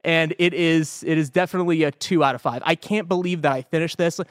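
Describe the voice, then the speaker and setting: A young man co-hosting a casual games talk show, animated and laughing, swearing often as he reviews a game. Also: on the high side, quick pace, smooth, dry recording, clean studio sound. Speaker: podcast co-host reviewing a game. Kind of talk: casual chat.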